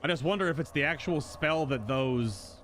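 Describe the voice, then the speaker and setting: A man hosting a casual gameplay commentary, thinking out loud and bursting into exclamations. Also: a little high, moderate pace, a little hiss or hum. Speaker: gaming host.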